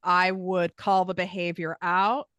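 A woman's voice: lowish voice, level tone, unhurried, fairly bright tone, no room sound, clean studio sound. A woman guest talking candidly about her own past, frank and emphatic, swearing casually. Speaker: podcast guest. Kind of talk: candid personal conversation.

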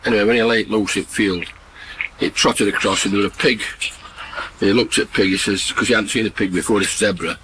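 A man's voice: on the low side, fairly even intonation, a little fast. A man, a farmer telling blunt, earthy rural jokes outdoors and laughing at his own punchlines. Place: outdoors on a farm in mud and mist. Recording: field recording with background noise.

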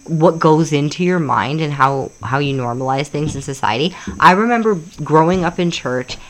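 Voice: medium pitch, expressive, normal speed. Emphatic, opinionated podcast co-host. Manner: emphatic, many "like" fillers, acts out quoted voices. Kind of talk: casual opinionated chat.

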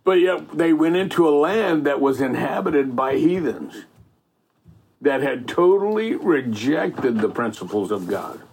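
A man's voice: mid-range voice, animated, unhurried, vocal fry, a little mellow, a little hiss or hum. A middle-aged man telling faith stories in a rambling, folksy way, full of "man" and "you know". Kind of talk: casual faith storytelling.

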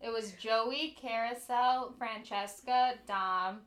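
A young woman co-hosting a casual podcast, playful and quick to laugh, with crude jokes. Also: fairly high pitch, fairly even intonation, fairly bright tone. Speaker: podcast co-host. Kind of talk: casual chat.

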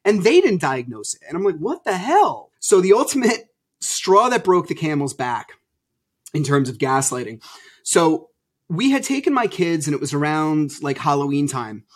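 A man as a podcast guest, telling his story candidly over a video call and acting out old arguments with sudden loud bursts. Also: on the high side, moderate pace. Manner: animated, acts out past arguments.

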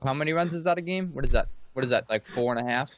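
A man's voice: medium pitch, very fast, dull audio. A man in a casual sports chat, chatty and hedging his opinions with "I don't know".

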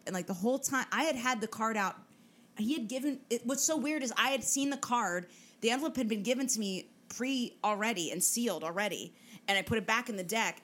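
A woman co-hosting a podcast, telling a story in casual chat, animated and full of swearing and fillers. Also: mid-range voice. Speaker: podcast co-host.

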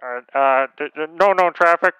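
A man's voice: a little high, moderate pace, bright, forceful tone, clear, resonant tone, poor audio. A man playing an air traffic controller with clipped, procedural radio phrasing, as a comedic dramatic reading. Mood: curt.

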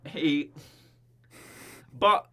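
A man's voice: very slow, a bit bright. Gender: man. Style: chatty film podcast. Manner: chatty, joking, retells scenes with impressions. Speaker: podcast co-host. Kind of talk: casual film review chat.

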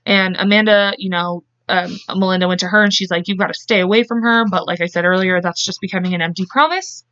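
A woman's voice: fairly low pitch, fast talker, fairly bright tone, no room sound. Chatty swearing woman telling a crime story. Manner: chatty, swears freely, self-interrupting with asides. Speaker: podcast co-host. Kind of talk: casual true-crime storytelling. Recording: muffled lo-fi dry mic.

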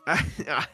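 A young man co-hosting a sports podcast, ranting sarcastically and clearing his throat often. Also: sharp tone. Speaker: podcast co-host.

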